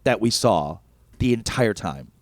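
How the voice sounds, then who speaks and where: Man, comedian co-host, exasperated storyteller, lively swinging pitch, dry close sound. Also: measured pace, dry recording. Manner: animated, exasperated, swears freely. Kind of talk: casual storytelling rant.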